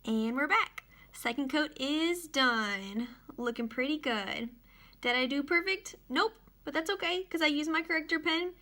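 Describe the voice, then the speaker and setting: A woman with a slightly high voice hosts a casual how-to from her dining room. She talks unhurriedly and narrates each step as she goes, like she is chatting with friends. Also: animated, a little slow, pushed and bright. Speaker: nail tutorial host.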